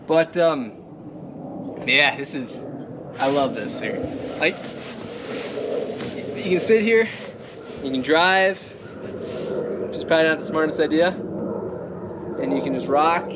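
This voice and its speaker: A man's voice: a little high, animated, slow, pauses often. A young man with a Midwestern accent, casually walking through his boat setup, rambling with lots of fillers and laughing often as he moves around outdoors. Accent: Midwestern American. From Minnesota or the Midwest. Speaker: vlogger showing his boat. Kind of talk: casual walkthrough. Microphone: camera set on the boat, distance varies. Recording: outdoor recording with clear background noise.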